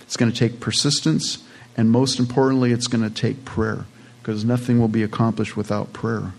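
A man's voice: mid-range voice, steady tone, moderate pace, creaky. A man preaching a sermon in a plain, conversational way, with casual asides to his congregation. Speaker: pastor.

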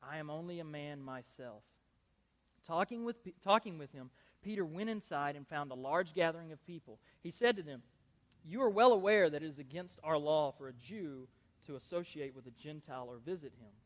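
A young adult man preaching a sermon, animated and conversational, often repeating words and restarting phrases. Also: fairly high pitch, a little fast. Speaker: pastor.

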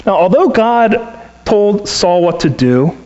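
A man's voice: high-pitched, slow pace, dull audio. A man preaching a sermon as a pastor, storytelling and acting out the voices he quotes. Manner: animated, acts out quoted voices.

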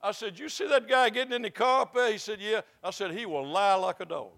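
High, bright-voiced preacher. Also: male voice, vocal fry, no room sound. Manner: folksy preaching, swings from loud slow declaiming to quick quiet anecdote. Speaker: pastor. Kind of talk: sermon with storytelling. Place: church.

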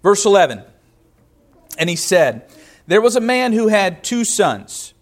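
Speaking a little slowly in a high, sing-song voice, a pastor in his thirties delivers a chatty sermon built around personal anecdotes and storytelling.

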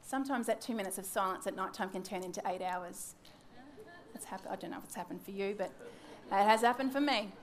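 A woman's voice: medium pitch, fairly quick. A woman in her thirties giving a devotional teaching talk, candid and self-mocking, acting out her own wandering thoughts. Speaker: church teacher.

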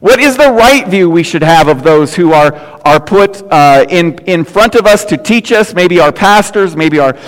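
A man's voice: high voice, lively intonation, moderate pace, hardly any pauses. An older man preaching a sermon as pastor, telling folksy stories and jokes with casual asides. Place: church sanctuary. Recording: long hall reverb.

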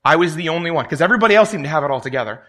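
This is a young man preaching a sermon, his voice sitting a little higher than most men's. He talks casually and tells stories, slipping into the voices of the people he quotes. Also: lively intonation, very fast, fairly bright tone.

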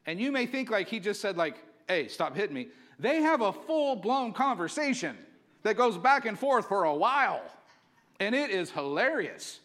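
A man's voice: high-pitched, sing-song, moderate pace, a bit bright. A male pastor preaching a sermon, telling the story casually and with energy, filling it with likes.

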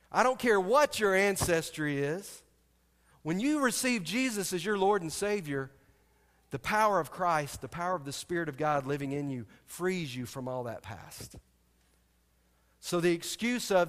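High-voiced pastor preaching in a reverberant hall. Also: male voice, expressive, moderate pace. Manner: storytelling, asks the congregation questions, joking asides. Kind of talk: sermon.

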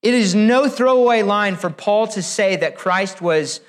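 A man preaching a sermon, emphatic and deliberate, building his points with rhetorical questions. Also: high voice.

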